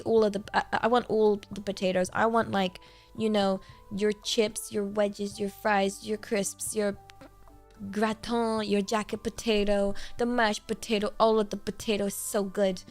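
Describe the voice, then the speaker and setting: A woman's voice: medium pitch, level tone, a little slow, soft background music. A young woman from Britain, a streamer chatting casually in a bubbly, rambling, giggly way. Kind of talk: casual livestream chat.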